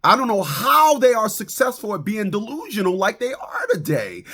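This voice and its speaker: A man with a high voice delivers a comic rant straight to his viewers. His pitch leaps up and down as he stammers, repeats himself and laughs at his own jokes. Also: huge pitch swings, normal speed, few pauses, bright, forceful tone, slightly rough. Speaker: vlogger.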